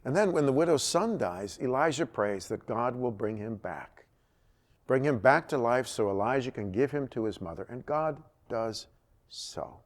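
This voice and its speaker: A man leads a church Bible study session and retells a scripture story with lively delivery. His pitch moves up and down a great deal, and his voice sits in the middle of the usual male range. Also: normal speed.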